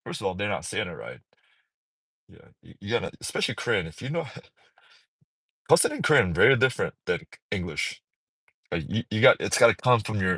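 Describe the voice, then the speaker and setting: A man talks loosely to his phone on a livestream outside a mall. His pitch swings around a lot as he jokes and rants, and the sound is dry and close. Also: very animated, fairly quick, long pauses, fairly bright tone, breathy edge, dry recording. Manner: rambling, playful, swears freely, sudden singing and high-pitched bits. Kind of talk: casual livestream chat. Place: outdoors at a mall parking area.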